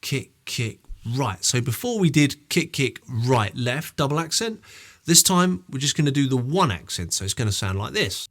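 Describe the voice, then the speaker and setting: Lively man teaching drums. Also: medium pitch, moderate pace. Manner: friendly, explanatory, lively delivery. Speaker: drum teacher. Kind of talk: online drum lesson.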